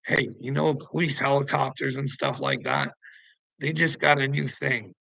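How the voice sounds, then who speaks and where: A man's voice: medium pitch, very animated, moderate pace, creaky, sharp tone, no echo, rough recording. A man rambling to his viewers in a casual monologue, preachy and taunting, jumping between topics and laughing to himself. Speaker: vlogger answering commenters.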